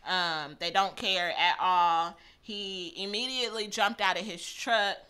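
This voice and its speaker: A woman's voice: mid-range voice, unhurried, sharp tone, clear, resonant tone. A woman hosting a radio talk show, earnestly reading out news topics with many "um" fillers and some stumbles.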